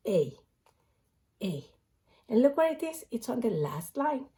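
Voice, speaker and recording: A woman teaching young music students, her voice high and swooping all over. She speaks slowly and in a sing-song way, chanting memory tricks for the notes like a game. The tone stays patient and animated throughout. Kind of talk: children's music theory lesson.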